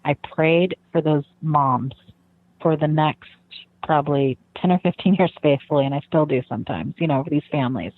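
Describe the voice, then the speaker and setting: A woman guest, recounting a personal story in an interview, earnest and reflective, with frequent "you know" fillers. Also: low-pitched. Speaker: guest, daughter of a convicted killer. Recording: tinny phone-like line.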